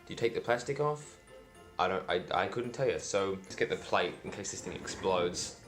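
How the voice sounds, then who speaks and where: A man's voice: sits low, expressive, normal speed, a bit bright, faint music behind. A man doing a casual food review vlog, dry and self-deprecating, rambling with lots of fillers. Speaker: food vlogger.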